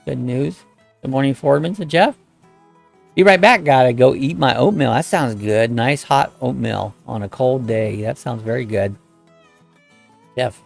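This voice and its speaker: Folksy gravelly man chatting with viewers. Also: medium pitch, normal speed, darkish tone, faint music behind. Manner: rambling, folksy, greets viewers by name. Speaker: host of a live chat stream. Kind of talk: casual live-stream chat, reading out viewer comments.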